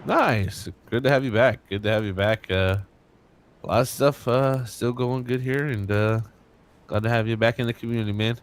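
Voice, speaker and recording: A man's voice: medium pitch, normal speed. A young man commentating a sim race live, chatty and joking, with lots of fillers. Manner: casual, joking, filler-heavy.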